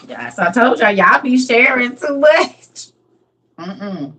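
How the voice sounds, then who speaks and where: A woman's voice: a little high, big pitch swings, slow pace, fairly bright tone. A middle-aged woman, chatting casually on a livestream and answering viewers' comments by name, laughing often. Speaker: livestream host.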